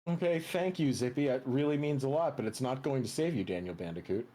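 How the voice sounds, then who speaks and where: A man's voice: mid-range voice, lively intonation, brisk, dark tone. A man co-hosting a game stream, chatting casually with crude, joking banter. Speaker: streamer, co-host. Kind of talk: casual let's-play chat. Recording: game music behind.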